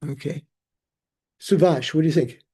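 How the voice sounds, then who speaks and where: A man teaching a Buddhist philosophy class, reading passages aloud and explaining them with halting restarts. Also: on the high side, mellow, husky. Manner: halting, repeats words when restarting.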